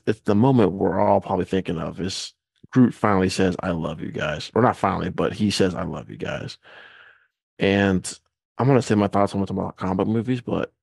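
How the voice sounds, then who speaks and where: Deep gravelly man hosting a podcast. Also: darkish tone, dry recording. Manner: laid-back, steering the conversation. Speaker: podcast host. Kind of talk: casual podcast chat.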